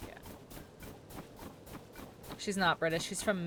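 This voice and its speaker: A woman streamer with a bright, forceful voice talks through her game, reacting aloud and answering chat in a loose, casual way. Faint game music plays behind her. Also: mid-range voice, animated, unhurried. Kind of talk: casual gameplay commentary.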